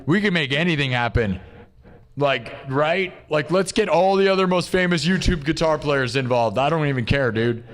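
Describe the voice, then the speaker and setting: A man's voice: on the high side, normal speed. Rambling streamer man with long reverb. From United States. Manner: rambling and excitable, says "dude" constantly. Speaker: live-streaming musician and host. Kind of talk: casual live-stream chat.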